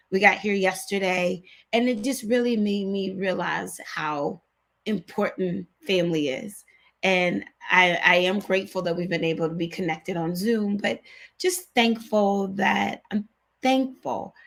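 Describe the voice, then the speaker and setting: A woman talks in a heartfelt, casual way, her voice carrying a gravelly edge. She sounds sincere and close to tears, circling back over the same words. It comes across as a video call chat. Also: medium pitch, fairly even intonation, unhurried. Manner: emotional, sincere, repeats herself. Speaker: co-host of a women's online talk show.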